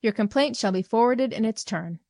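A woman voicing a cold, mechanical committee with a flat, officious manner. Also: fairly high pitch, moderate pace, no echo, studio quality, voice pushed up, close to an everyday voice.

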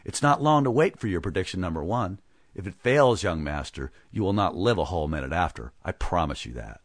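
A man's voice: deep voice, lively intonation, fairly quick, no room sound, clean studio sound. A man voicing a big, blustering village blacksmith who raises his voice to accuse and threaten in a storybook reading.

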